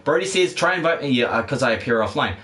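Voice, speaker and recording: A man's voice: medium pitch, lively intonation, fast, pushed and bright. A man with a condescending-sounding tone, rambling casually and swearing while live-streaming a game and reading out chat. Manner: rambling, laid-back, swears freely, laughs often. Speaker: livestreaming gamer.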